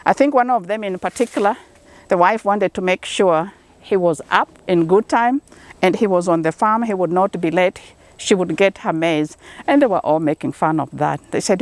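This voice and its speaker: A woman's voice: medium pitch, moderate pace, dry recording. Earnest Kenyan woman farmer being interviewed. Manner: earnest and encouraging, telling stories. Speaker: organic corn farmer, interviewee. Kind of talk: conversational interview answers.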